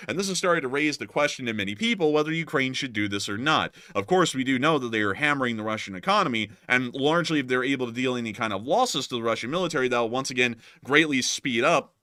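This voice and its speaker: A man giving casual news commentary as host, animated with joking asides. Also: medium pitch, fast, hardly any pauses, no echo, clean studio sound.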